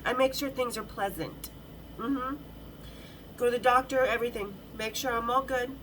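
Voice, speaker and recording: A middle-aged woman tells a story on her podcast with bawdy frankness. Her voice is bright and a little sharp, sitting somewhat high, and she breaks off and restarts her sentences as she chats. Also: normal speed, slight background noise, rough recording. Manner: chatty, with many restarts. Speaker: podcast host.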